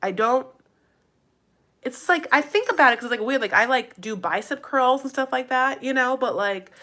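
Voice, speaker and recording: This woman's voice is high, expressive, pushed and bright, moving at a moderate pace. She's a recap vlogger chatting gossipily about a reality show, heavy on "like" fillers and playful asides, and she addresses her audience directly as "you guys" and "honey."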